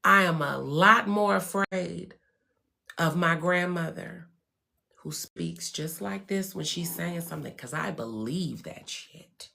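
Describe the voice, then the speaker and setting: A woman giving a candid motivational talk as host of her own show, blunt and profane, swinging between hushed calm and loud emphatic bursts. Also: fairly low pitch, slow, vocal fry. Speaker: spiritual wellness host.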